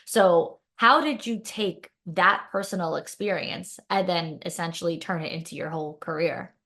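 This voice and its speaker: A woman's voice: on the low side, moderate pace, fairly bright tone. A young woman hosting a podcast, chatting casually and often saying "like". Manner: casual, heavy "like" filler. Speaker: podcast host. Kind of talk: casual interview chat.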